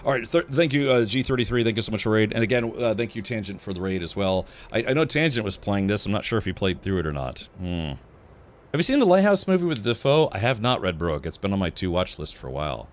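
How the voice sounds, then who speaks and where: A man hosting a casual gameplay livestream, chatting in a lively way with quick asides as he plays. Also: on the low side, a little hiss or hum. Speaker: streamer. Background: game music.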